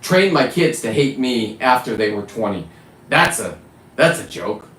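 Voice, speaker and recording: A man's voice: mid-range voice, sing-song, unhurried, fairly bright tone, roomy sound, low-quality recording. A middle-aged man hosting a live stream, ranting in a blunt, profane, rambling way. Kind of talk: casual live-stream rant.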